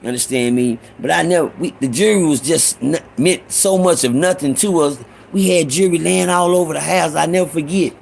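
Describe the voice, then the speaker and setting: A man's voice: on the high side, a little fast, creaky, few pauses, darkish tone, slight background noise. A man telling a rambling, profane story from his own life in a casual way, with many restarts. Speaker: storyteller host.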